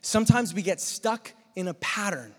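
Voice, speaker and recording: A man telling a lively personal story in a sermon, sometimes imitating gunfire and shouting. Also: high voice, normal speed. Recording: long reverb of a hall.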